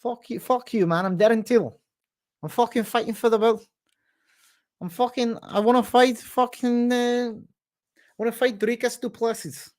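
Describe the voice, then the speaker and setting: A man's voice: extremely high pitch, steady tone, pitched above the performer's own voice. A man doing an impression of a brash, foul-mouthed male fighter with a Liverpool accent, swaggering and swearing. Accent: Liverpool (Scouse). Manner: swaggering, swearing, drawn-out shouts.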